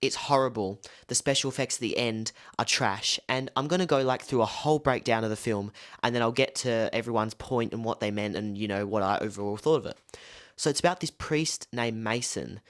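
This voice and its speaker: A man's voice: mid-range voice, fairly quick. Young male film reviewer, casual and rambling, heavy on "like" and "um". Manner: loose, rambling, full of "like" and "um". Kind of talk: casual spoken film breakdown.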